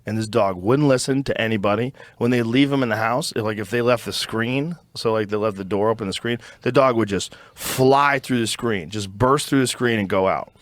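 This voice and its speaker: A man hosting a podcast, telling a story in an animated, profane, casual way. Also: fairly low pitch, a little fast, hardly any pauses, no echo. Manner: animated, profane, acts out voices in his stories. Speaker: podcast host.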